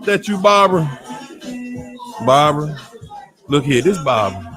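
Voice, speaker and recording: A man hosting a casual livestream, greeting chat viewers by name in an animated way, drawing out names and laughing often. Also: fairly high pitch, unhurried, pauses often, over music. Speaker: livestream host.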